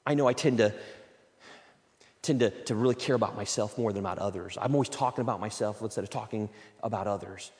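A man's voice: lowish voice, fast talker, a little mellow, long reverb tail. A man preaching a conversational sermon, acting out little everyday dialogues as he goes. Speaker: pastor.

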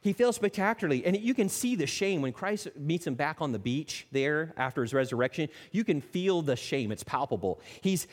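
A man preaching a sermon as a pastor, animated, acting out the people he quotes and dropping to soft, intimate tones. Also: a little high, moderate pace, hardly any pauses. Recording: long reverb of a church hall.

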